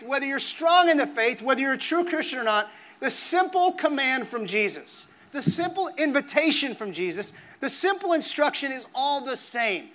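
In a strikingly high and bright voice, the same pastor speaks to his congregation during a sermon. His tone is earnest and conversational, and he repeats phrases for emphasis.

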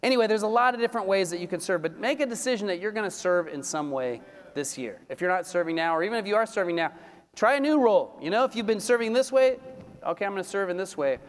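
A man preaching a sermon in a high, light voice, with long reverb from a church hall. He tells stories in a chatty, everyday way and lowers his voice when he prays. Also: lively intonation, quick pace. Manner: conversational storytelling, drops to a soft low voice in prayer. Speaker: pastor.

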